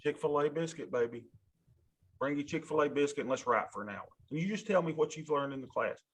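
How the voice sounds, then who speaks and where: A man lecturing a college class, animated and folksy, talking straight to his students in a classroom. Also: fairly high pitch, fairly quick, husky. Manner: animated, talks to students directly, folksy asides. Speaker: college instructor.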